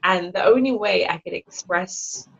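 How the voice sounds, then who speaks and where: A woman's voice: fairly low pitch, unhurried, creaky. A woman guest on a podcast, telling a personal story in casual talk and acting out her past self. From England. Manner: animated, acts out her own past voices. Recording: dull lo-fi with faint noise.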